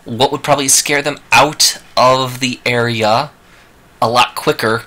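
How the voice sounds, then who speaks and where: A man's voice: medium pitch, fairly even intonation, a little slow, bright, forceful tone. A man acting as dungeon master in a tabletop game, joking and laughing often.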